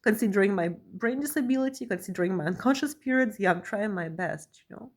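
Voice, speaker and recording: A woman talking to camera in an emotional vlog monologue, tagging her phrases with a questioning "yeah?" and swinging between pressing outbursts and quiet, low stretches. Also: lively intonation, fast. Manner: keeps adding a questioning "yeah?" after phrases. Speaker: vlogger.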